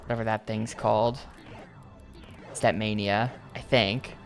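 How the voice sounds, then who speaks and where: A man's voice: lowish voice, level tone, unhurried, soft background music. A man streaming a video game, rambling casually and hedging with lots of "like" and "I think". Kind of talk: casual gameplay commentary.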